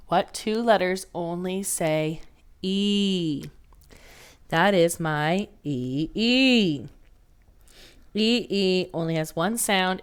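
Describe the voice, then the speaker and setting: Woman teacher for early readers, slow and clear, bright smooth tone, lowish voice. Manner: slow, patient, clearly sounded-out letters. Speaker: first grade teacher. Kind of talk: phonics lesson for children.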